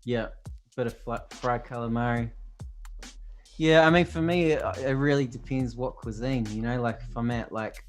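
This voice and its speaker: A man's voice: mid-range voice, normal speed, over music. A man with a New Zealand accent, hosting a casual chat and rambling, with many "like"s and "you know"s. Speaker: host.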